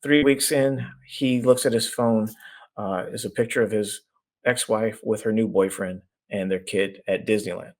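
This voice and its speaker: A middle-aged man, an executive coach guesting on a podcast, explaining his ideas through lively stories and acted-out voices. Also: lowish voice, normal speed. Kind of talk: conversational storytelling.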